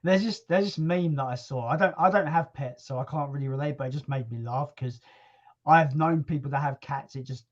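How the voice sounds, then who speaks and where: A man's voice: a little high, fairly quick, dull audio. A man in a casual group chat who laughs while telling a joke.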